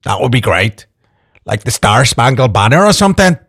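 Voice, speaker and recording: A man's voice: medium pitch, sing-song, moderate pace, fairly bright tone, slightly rough, pitched below the performer's own voice, full character voice. A man voicing a chatty female radio caller from Northern Ireland, in a put-on Northern Irish accent with a friendly, breezy manner.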